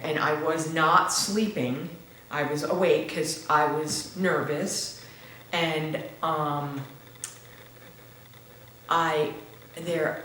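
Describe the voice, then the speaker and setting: A woman giving a halting, earnest personal testimony in a church interview, often restarting her words. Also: sits low, a bit bright. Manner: slow and earnest, turning tearful when moved. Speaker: interview guest. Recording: very echoey room with faint noise.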